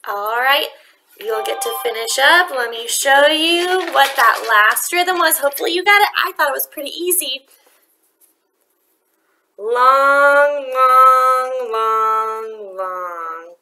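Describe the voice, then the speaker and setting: A woman's voice: high-pitched, animated, normal speed, background noise. A woman music teacher giving a remote rhythm lesson to children, patient and sing-song as she demonstrates long and short beats.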